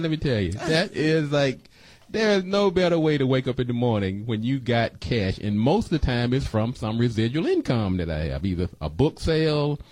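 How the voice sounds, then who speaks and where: A man's voice: mid-range voice, a little mellow, no room sound. A man hosting a talk radio show, talking in a folksy, preachy way and repeating himself for emphasis into a studio microphone.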